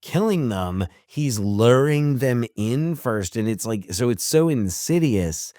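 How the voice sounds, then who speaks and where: An excitable man co-hosting a podcast, talking casually about a film and tumbling through half-finished thoughts. His voice sits in an ordinary middle pitch. The recording is dry and close, with no room around it. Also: slow, no room sound. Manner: excitable, thinks out loud with many restarts. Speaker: podcast co-host.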